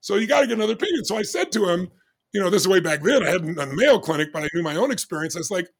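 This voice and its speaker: A man in his sixties telling a personal story in an interview, animated and acting out the dialogue he recalls. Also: high voice, racing, gravelly, husky. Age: 60s. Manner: animated, acts out dialogue with doctors. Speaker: interview guest.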